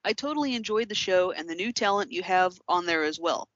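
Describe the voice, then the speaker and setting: A woman's voice: lowish voice, expressive, a little fast, a bit bright, no room sound. A woman co-hosts a podcast in casual chat, with a blunt, wry delivery. The recording is dry and close. The audio is dull and lo-fi.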